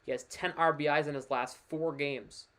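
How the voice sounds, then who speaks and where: A man streaming casual live play-by-play commentary of a baseball game, chatty and excitable over big plays, with offhand asides. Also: fairly high pitch, moderate pace.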